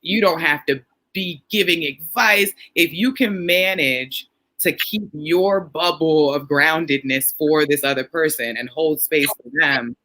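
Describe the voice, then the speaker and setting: Bright-voiced woman therapist host. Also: sits low, measured pace. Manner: frank, reads viewer comments, acts out quotes. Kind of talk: casual livestream chat.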